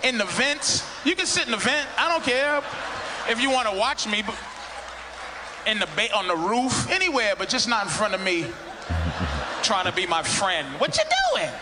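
Man, stand-up comic, very high and lively delivery, mocking bits, loud crowd and noisy clip. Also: moderate pace. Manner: animated, mocking, rambling bits. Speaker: stand-up comedian. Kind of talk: stand-up comedy routine.

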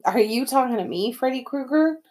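A woman's voice: sits high, animated, fairly quick, darkish tone, voice pushed up. A woman reading aloud, voicing a mean, taunting schoolboy bully in an audiobook. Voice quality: sneering, taunting. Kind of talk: audiobook character voice.

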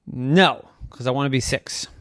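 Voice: medium pitch, measured pace, fairly bright tone, dry recording, lightly acted. A storyteller voicing a stubborn six-year-old girl who insists she will not turn seven, in an improvised bedtime story. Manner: insistent, whiny, repeats "no".

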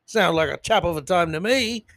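A man's voice: high voice, animated, normal speed, fairly bright tone, dry recording, clean studio sound. A man putting on a playful, exaggerated mock Australian accent that drifts toward British. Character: jokey mock Australian bloke, adult man.

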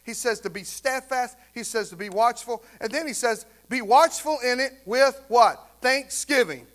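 A man preaching with a very high voice, talking to his congregation like a friend and often checking in with "right?". He builds up to loud, fervent bursts when he presses a point. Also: moderate pace. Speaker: pastor. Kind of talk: sermon.

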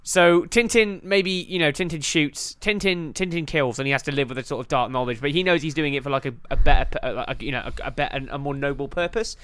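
A man's voice: a little high, fast talker, hardly any pauses, fairly bright tone, smooth, no echo. A young man from England hosting a podcast in casual, sweary banter, joking and laughing often. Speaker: podcast host.

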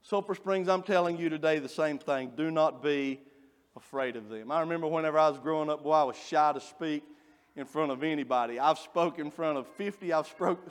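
High-voiced preacher in a reverberant church. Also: male voice. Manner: folksy, joking, animated storytelling. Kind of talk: sermon. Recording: long reverb of a church hall.

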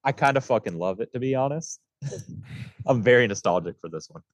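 A man co-hosting a casual music review podcast, blunt and quick to laugh, swearing casually. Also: medium pitch, expressive, no echo. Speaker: podcast co-host.

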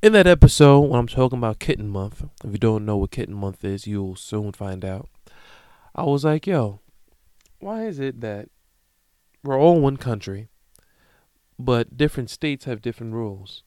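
A man in his thirties hosting a solo podcast, ranting in a profane, animated, comedic way. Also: mid-range voice, normal speed, clear, resonant tone, no echo. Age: 30s. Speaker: podcast host. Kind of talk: casual solo podcast monologue.

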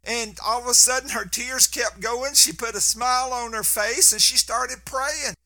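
A man's voice: extremely high pitch, moderate pace, bright, forceful tone. A man preaching a sermon, telling folksy stories and often stumbling and restarting his words. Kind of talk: sermon with storytelling.

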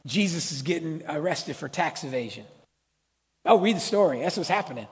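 A middle-aged man preaching a sermon as pastor, lively and conversational, with slang and call-outs to the congregation. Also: a little high, brisk, breathy edge. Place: church hall. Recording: long hall reverb.

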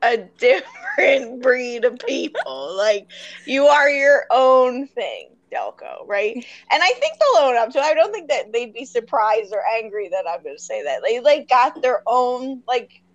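A woman's voice: on the high side, measured pace, muffled recording. A woman from the Philadelphia area, co-hosting a podcast in casual, filler-heavy chat. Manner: lively, filler-heavy talk with lots of "like". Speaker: podcast co-host.

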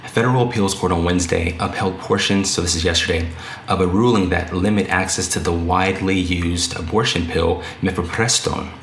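A man's voice: sits low, fairly even intonation, fairly quick, a bit bright. A man hosting a podcast, reading news articles aloud and commenting on them in a conversational way. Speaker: podcast host. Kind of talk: casual commentary. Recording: echoey room, faint noise.

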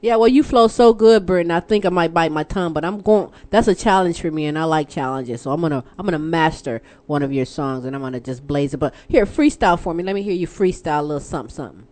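Lady hosting a radio show, teasing and laughing, smooth voice. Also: low voice, fast talker, few pauses, darkish tone. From Texas. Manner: playful, teasing, laughs often. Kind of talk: casual radio talk show chat.

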